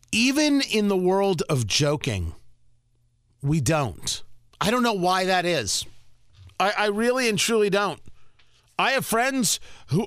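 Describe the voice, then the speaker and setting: A man's voice: a little high, a bit bright, dry recording. A man hosting a talk radio show, giving indignant, sarcastic commentary into a studio microphone.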